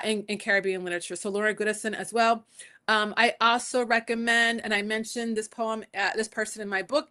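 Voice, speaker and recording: Bright-voiced woman telling stories. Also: on the high side. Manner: storytelling, acting out quoted voices. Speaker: poet and scholar guest. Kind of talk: conversational interview answers. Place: home in Puerto Rico.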